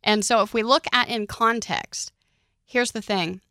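A woman's voice: a little high, steady tone, measured pace, pushed and bright, no echo. A woman co-hosting a recovery radio show in a studio, explaining ideas emphatically and teasing her co-host. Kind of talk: casual recovery podcast chat.

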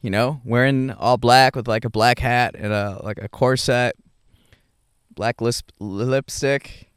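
Smooth-voiced man rambling casually. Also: medium pitch, steady tone, no echo, studio quality. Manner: halting, many fillers and restarts, chuckles often. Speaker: speaker sharing his dating life.

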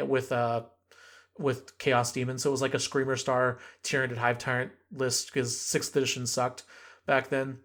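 Telling a story in a loose, casual way, this male podcast host keeps restarting and leaning on filler words. He speaks at medium pitch, and his tone is fairly bright.

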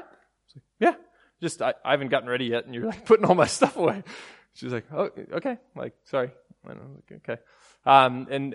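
A man in his thirties preaching, moving from a hushed prayer into a casual, self-deprecating personal story full of fillers and restarts. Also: medium pitch. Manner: soft and hushed while praying. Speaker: pastor.

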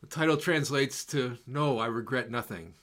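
A man preaching a sermon in a slow, measured, reflective way, letting repeated words fall soft and quiet. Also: medium pitch.

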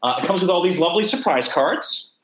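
A man's voice: sits high, expressive, brisk, fairly bright tone, roomy sound, rough recording. A man joining a casual podcast chat as a guest, speaking with dry, wry humor.

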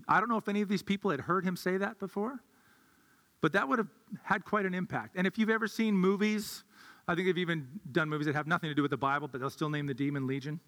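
Male pastor, high-pitched, bright voice; chatty sermon with restarts in a reverberant hall. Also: steady tone, fast. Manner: conversational, thinks aloud with restarts.

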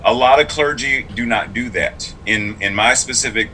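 Bright, forceful man talking earnestly. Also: medium pitch, normal speed, slight background noise, poor audio. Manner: earnest, reflective, emphatic storyteller. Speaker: clergy member and public school teacher. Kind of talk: casual conversational interview.

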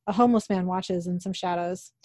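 A woman's voice: on the low side, fairly even intonation, darkish tone, dry recording. A woman casually narrating a recap of a TV episode, reading every character's lines aloud in her own voice and correcting herself now and then. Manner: quick narration, self-corrections.

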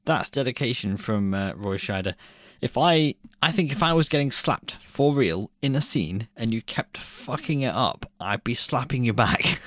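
A man's voice: medium pitch, animated, normal speed, a bit bright, no echo. A man co-hosting a podcast in casual chat, laughing often and swearing loosely. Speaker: podcast co-host.

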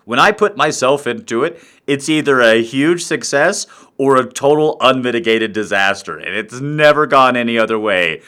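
A man's voice: mid-range voice, expressive, normal speed, few pauses, pushed and bright, clean tone. A man giving a crude, rambling, self-mocking comic monologue to a live online audience.

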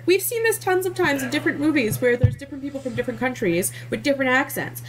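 A woman co-hosting a podcast, chatting casually about a film in a blunt, animated way and swearing freely. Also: sits high, fast talker. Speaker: podcast co-host. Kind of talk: casual movie review chat.

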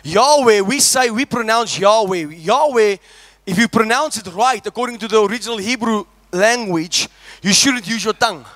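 A man preaching a sermon, shouting and calling out to the congregation. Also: sits high, no room sound. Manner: shouting, call-and-response preaching.

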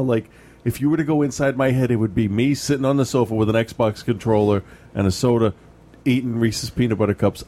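A man's voice: mid-range voice, dark tone. A man co-hosting a casual podcast chat, telling rambling self-deprecating stories with lots of restarts. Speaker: podcast co-host.

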